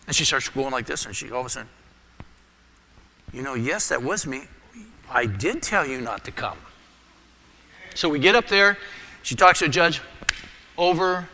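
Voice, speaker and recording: Middle-aged pastor guy preaching, bright edgy voice, lots of hall echo. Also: high voice. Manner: animated storyteller, drops to a hushed voice for prayer. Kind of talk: sermon storytelling. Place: church sanctuary. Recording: long church reverb.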